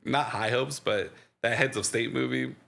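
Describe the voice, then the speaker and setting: A man's voice: mid-range voice, normal speed, gravelly, a bit bright. A man co-hosting a podcast, chatting casually about a movie, laughing often, swearing and restarting his sentences. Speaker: podcast co-host. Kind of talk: casual movie review chat.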